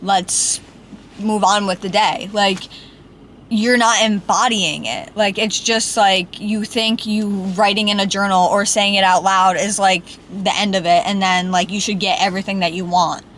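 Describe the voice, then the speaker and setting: A woman's voice: mid-range voice, fairly even intonation, normal speed, a bit bright, a little hiss or hum, poor audio. A young woman talking unscripted to her camera as a vlogger, rambling and filling her talk with "like" and restarts. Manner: rambling, heavy use of "like", self-correcting. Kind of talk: unscripted casual vlog talk.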